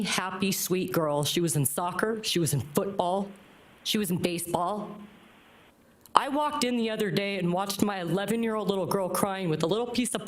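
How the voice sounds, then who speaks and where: Furious mother at the podium. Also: medium pitch. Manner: angry, blunt, repeating phrases for emphasis. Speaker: public commenter at a county meeting. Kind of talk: impassioned public comment. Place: county commission meeting room.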